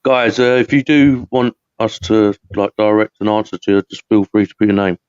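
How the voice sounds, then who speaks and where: A man's voice: lowish voice, moderate pace, darkish tone, clear, resonant tone, no room sound, dull audio. A man from the UK hosting a live podcast, rambling and chatty, laughing often. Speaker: podcast host. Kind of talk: casual live podcast chat.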